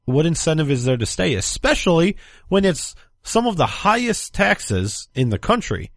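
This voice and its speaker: A man's voice: on the high side, big pitch swings, moderate pace, no room sound, clean studio sound. A man hosting a political commentary show, talking sarcastically and mocking his opponents. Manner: sarcastic, mocks opponents in put-on quotes. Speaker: talk show host.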